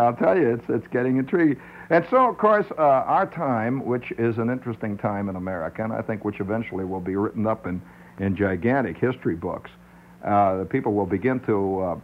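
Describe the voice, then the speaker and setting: A male radio host talks in a wry, rambling monologue, breaking into his own laughter and mimicking others. His intonation swoops up and down, and the audio is dull and muffled, like an old broadcast. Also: medium pitch. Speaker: radio talk show host.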